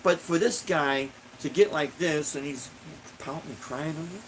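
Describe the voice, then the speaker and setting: Middle-aged man, blunt and indignant street musician venting, slightly high voice, faint background noise. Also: moderate pace. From Illinois. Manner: blunt, indignant, repeats himself for emphasis. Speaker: busking musician, vlogger. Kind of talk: casual ranting monologue.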